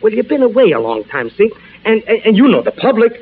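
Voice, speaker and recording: An actor playing a nervous, fast-talking theatrical agent who keeps pleading and smoothing things over. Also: male voice, sits high, sing-song. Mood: coaxing. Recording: tinny, narrow old film soundtrack with hiss.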